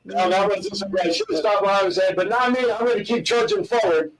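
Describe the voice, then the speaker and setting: A man's voice: high voice, fairly even intonation, fast, far from the mic, a crowd in the background, poor audio. A man co-hosting a talk show, playfully telling corny holiday dad jokes and poking fun at himself. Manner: playful, self-mocking joke teller. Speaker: co-host.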